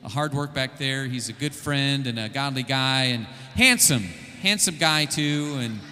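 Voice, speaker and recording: A man with a bright, pushing voice addresses a café crowd from the stage, stumbling over fillers as he goes. His words carry a long reverb from the room's PA. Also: medium pitch, measured pace. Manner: hesitant, many fillers. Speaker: worship musician thanking the audience. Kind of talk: casual stage announcement. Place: live café venue with a PA.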